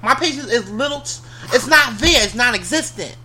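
A woman in casual chat, ranting heatedly and getting loud when riled. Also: on the high side, expressive, moderate pace, a little hiss or hum.

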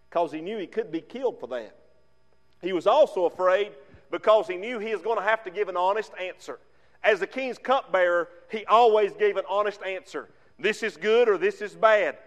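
A man preaching a fervent sermon, swinging between loud emphasis and hushed tones. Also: sits high. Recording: long reverb.

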